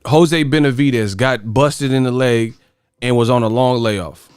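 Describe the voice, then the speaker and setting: A man's voice: mid-range voice, measured pace, clear, resonant tone, no room sound, studio quality. A man hosting a boxing channel, reacting to his chat in casual, profane, laughing riffs. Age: adult. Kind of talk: casual livestream commentary on chat.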